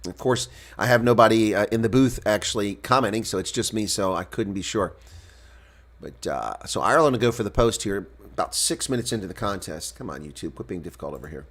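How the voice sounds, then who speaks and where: Bright-voiced man calling rugby live. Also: fairly low pitch, fairly quick. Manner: calls play, then shouts with excitement at big moments; chats to live-stream viewers between plays. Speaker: solo live reaction commentator. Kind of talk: rugby play-by-play commentary.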